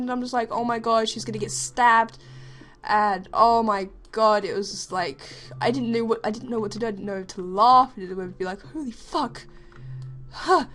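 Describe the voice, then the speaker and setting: A young woman chatting over her gameplay, telling a story as she goes. She rambles and swears freely, leaning on plenty of fillers. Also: mid-range voice. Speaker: gaming vlogger.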